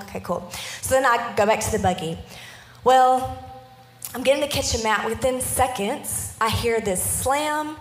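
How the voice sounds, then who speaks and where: Animated woman preaching in an echoey hall. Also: fairly high pitch, moderate pace. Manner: animated, keeps checking in with the audience. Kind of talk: storytelling sermon.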